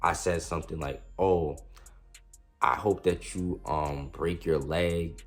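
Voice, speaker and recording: A man's voice: deep voice, steady tone, takes it slowly, soft background music. A young man casually telling a storytime about his past, slangy and self-mocking, with frequent restarts. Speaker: storyteller vlogger.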